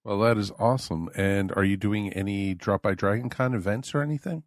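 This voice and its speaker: A man's voice: fairly low pitch, a little fast, no room sound, clean studio sound. A man hosting a casual interview, upbeat and encouraging with his guest. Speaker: podcast host.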